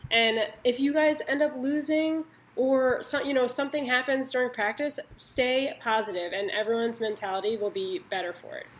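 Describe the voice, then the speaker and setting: A woman's voice: a little high, fairly even intonation, normal speed, hardly any pauses, a little hiss or hum, rough recording. A young woman co-hosting a casual chat, reading sports tips in an upbeat way with lots of "like" and "um".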